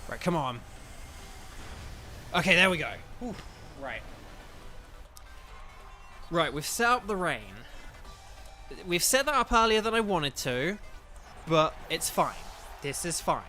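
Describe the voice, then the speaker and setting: A man commentating his own gameplay live, excitable and chatty, often exclaiming and speaking to chat. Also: on the high side, takes it slowly, long pauses, faint music behind. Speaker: gaming video host.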